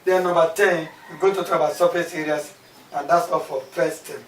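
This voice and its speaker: Male teacher, high voice, echoey room. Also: steady tone, fairly quick. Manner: repeats key terms, asks questions aloud. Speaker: mathematics teacher. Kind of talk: classroom lesson. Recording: echoey room from far off with faint background noise.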